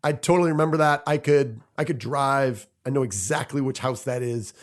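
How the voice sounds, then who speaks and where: A man in his forties hosting a podcast, chatting and reflecting in a relaxed, talkative way. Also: mid-range voice. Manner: chatty, reflective, quick asides. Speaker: podcast host. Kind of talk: casual conversation.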